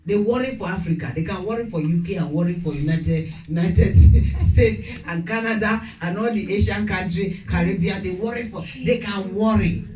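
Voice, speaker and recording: A woman's voice: medium pitch, normal speed, hardly any pauses, mellow. A woman preacher giving a chatty sermon, telling stories about herself and often laughing. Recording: echoey room, distant mic, faint noise.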